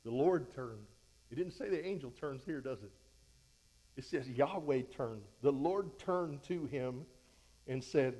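A man's voice: medium pitch, lively intonation, a little slow, dark tone, low-quality recording. A man preaching a verse-by-verse sermon as a pastor, fervent and exhorting, conversational with frequent restarts. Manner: fervent, exhorting, voice rises when fired up.

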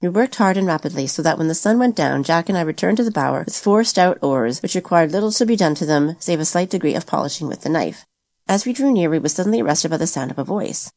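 A woman narrates a classic adventure novel in an audiobook reading. Her voice sits low and she moves through the text at a quick, even clip. The delivery stays steady and matter-of-fact. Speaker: audiobook reader.

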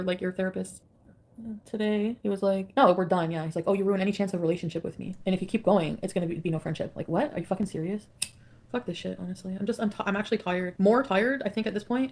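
A woman's voice: mid-range voice, a little mellow. A woman vlogger rambling confessionally, full of fillers.

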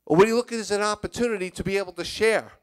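A man's voice: high voice, racing, smooth. A man, a church elder, preaching a candid, confessional sermon that moves between spoken prayer and emphatic exhortation. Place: church sanctuary.

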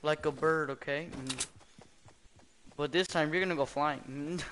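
A man chatting casually with friends while playing a game, excitable and joking as he calls out to his teammates. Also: fairly high pitch, unhurried, slight background noise. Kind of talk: casual gameplay chat with friends.

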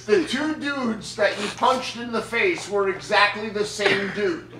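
Man podcast host, incredulous and interrupting, high lively voice, distant echoey sound. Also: unhurried, background noise. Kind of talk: casual chat, teasing. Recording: echoey room, distant mic, laughing crowd.

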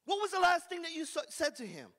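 A man's voice: extremely high pitch, sing-song, fast talker, fairly bright tone, in a large hall. A man preaching a fervent sermon as pastor, drawing call-and-response amens from the congregation.

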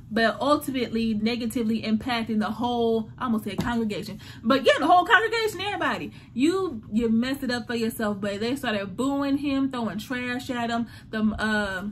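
A woman's voice: fairly high pitch, slight background noise. A woman hosting a casual TV recap, talking animatedly and acting out the characters' lines. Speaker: TV recap host.

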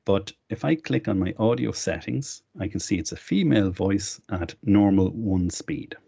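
A man's voice: low voice, normal speed, gravelly, dark tone, slightly rough. A middle-aged man, presenting a live online tech demo in a conversational, explanatory way. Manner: conversational, explains while clicking through. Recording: dull lo-fi web stream.

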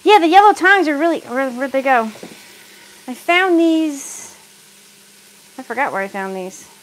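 A woman's voice: high-pitched, lively intonation, measured pace, rough recording. A middle-aged woman from the United States chatting casually while cooking in her home kitchen, laughing often and reading out viewers' comments. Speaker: cooking livestream host.

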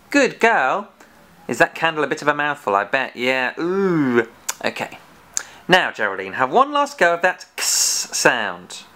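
Male kids' phonics host, animated and sing-song, slow and encouraging, playful scolding. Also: fairly high pitch. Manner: slow and exaggerated, sounding out letters. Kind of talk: children's phonics lesson with a puppet.

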